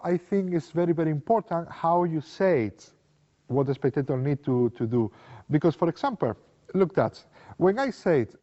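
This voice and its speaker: Animated man teaching card magic. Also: on the high side, normal speed. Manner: animated, acts out sample lines to a spectator; non-native English, simple repetitive phrasing. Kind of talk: explaining card magic technique. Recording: long reverb, dull lo-fi sound.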